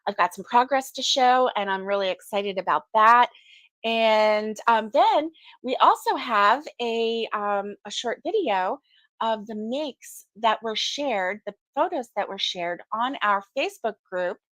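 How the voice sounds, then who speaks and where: A woman's voice: on the high side, expressive, unhurried, fairly bright tone, dry recording. Sleepy, chatty woman hosting a livestream. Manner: sleepy, chatty, yawning often. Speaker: crochet channel host. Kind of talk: casual morning livestream chat.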